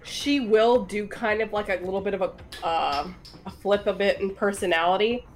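A woman's voice: medium pitch, moderate pace, faint music behind. A woman playing a tabletop game, chatty and describing what her character does. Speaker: player. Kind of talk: casual tabletop game play.

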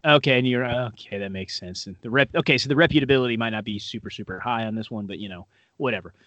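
A podcast co-host chats casually and rambles, packing his talk with fillers and self-deprecating asides. He's a fast talker with a medium-pitched, bright, forceful voice, captured in a dry recording.

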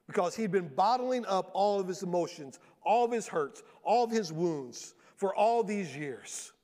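A man preaches from a church stage with a high voice. He tells the story in a lively way and often slips into the voices of the people he quotes. His voice carries a long reverb from the large hall. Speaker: pastor. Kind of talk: sermon.

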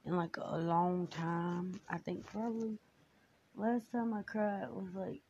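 A woman's voice: on the low side, little pitch movement, takes it slowly. A woman hosting her own podcast, talking candidly and emotionally in a rambling, casual way with many fillers. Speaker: podcast host. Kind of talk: casual personal talk. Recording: dull lo-fi sound, faint noise.

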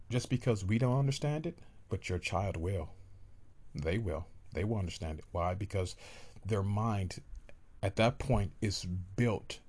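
A man with a slightly low voice gives emphatic, insistent parenting advice. He keeps repeating his points for force. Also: a little mellow. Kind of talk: casual motivational talk.

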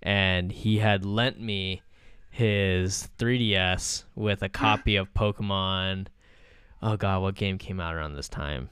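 A man's voice: low-pitched, fairly even intonation, slow pace, a bit bright, smooth, dry recording, studio quality. A man in his twenties hosting a podcast, telling casual stories in a rambling way, full of filler words and swearing. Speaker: podcast host. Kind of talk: casual chat.

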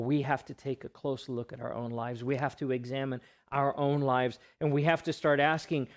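A man delivers a sermon to his church in a voice pitched a little above the usual for men. He asks question after question and lets his voice fall soft and low on the words he wants to land. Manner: earnest preaching with rhetorical questions and pauses, voice dropping soft on key words. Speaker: pastor.

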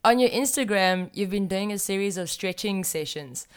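A woman interviewer asking questions in a friendly, measured way. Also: mid-range voice, lively intonation, clean tone.

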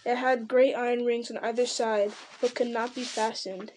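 A woman's voice: on the high side, little pitch movement, normal speed, darkish tone. A woman reading a fantasy novel aloud in dramatic storytelling style, with occasional slips and restarts. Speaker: reader.

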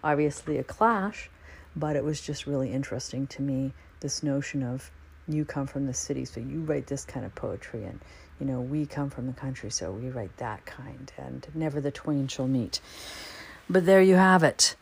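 A woman's voice: very deep voice, moderate pace, gravelly, a little hiss or hum. A woman poet hosting a podcast, talking thoughtfully with frequent hesitant fillers and reading poems aloud. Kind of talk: casual podcast monologue with poetry reading.

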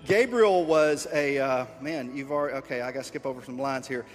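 A man's voice: mid-range voice, fairly quick, in a large hall, soft background music. A man wearing a body mic reads a story aloud and playfully coaches volunteers who act it out. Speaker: leader of a children's skit. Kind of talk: reading a story aloud while directing volunteers.

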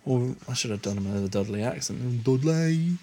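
A man's voice: fairly low pitch, brisk, slight background noise. A man swearing and muttering through casual commentary as he plays a game. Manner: sweary, animated, mutters under his breath. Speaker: gamer.

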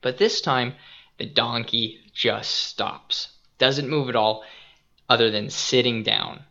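A young man hosting a casual podcast, retelling a Bible story in an animated, earnest and reflective way, on a dull lo-fi recording. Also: medium pitch, takes it slowly. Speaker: podcast host and youth skate minister.

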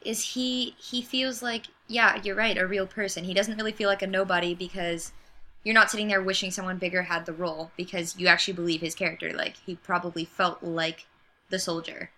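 Bright-voiced woman chatting about TV. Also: fairly low pitch, a little fast. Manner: chatty, acts out quotes with lively reactions. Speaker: podcast co-host. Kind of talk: casual chat about movies.

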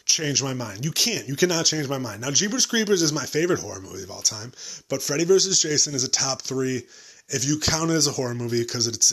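A man's voice: mid-range voice, a bit bright, husky. Late-20s guy hosting his own podcast, rambling and self-mocking, loose and profane. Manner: rambling, self-deprecating, swears casually. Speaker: podcast host. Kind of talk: solo casual podcast chat.

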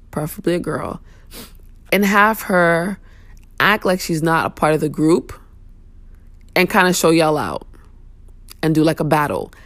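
A woman's voice: low-pitched, dry recording. A young woman hosting a casual talk show, venting bluntly and sassily with plenty of profanity. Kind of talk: casual opinion rant.

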